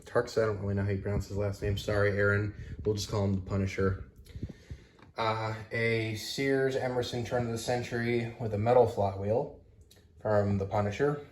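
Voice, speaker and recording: A man's voice: lowish voice, steady tone, moderate pace, slight background noise. A man casually walking through his house and garage, listing ceiling fans from his collection as he films, rambling with fillers and a little out of breath. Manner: rambling, cataloguing items aloud with fillers. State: slightly out of breath. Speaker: ceiling fan collector giving a home tour. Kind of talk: casual walkthrough vlog. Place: house, garage and storage rooms.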